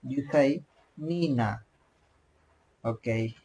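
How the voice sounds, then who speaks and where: Very slow man teaching vocabulary. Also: medium pitch, dark tone, poor audio. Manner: repeats words slowly, many pauses and "okay"s. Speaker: language teacher.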